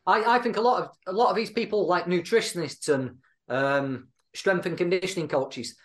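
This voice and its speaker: A man's voice: sits high, normal speed, fairly bright tone. A man on a boxing talk panel, chatty and wry in how he makes his points. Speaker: panel pundit. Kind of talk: casual panel discussion.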